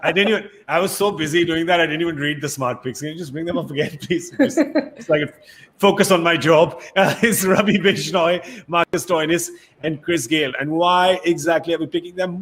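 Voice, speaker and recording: A man hosting a cricket talk show in a lively, joking way. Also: fairly high pitch, a little fast. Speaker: host.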